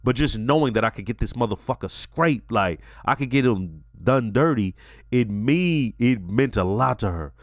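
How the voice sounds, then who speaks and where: A man breaks down a TV episode for his channel in a loose, animated way, swearing freely and checking in with his viewers. His voice sits in an ordinary middle register. The sound is dry and close, with no room around it. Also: medium pitch, moderate pace, no room sound. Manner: animated, profane, talks straight to viewers. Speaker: TV reaction channel host. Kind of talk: casual TV episode review.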